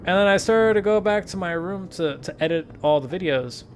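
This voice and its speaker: A man's voice: high voice, a little fast, a little hiss or hum. A young man hosting a gaming video, telling rambling stories in casual chat, swearing and laughing often. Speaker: gaming channel host. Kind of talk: casual chat over gameplay.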